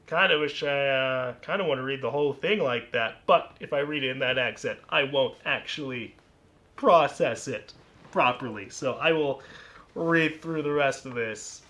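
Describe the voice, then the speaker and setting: Soft-spoken man reading fan mail. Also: medium pitch, unhurried. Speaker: YouTuber.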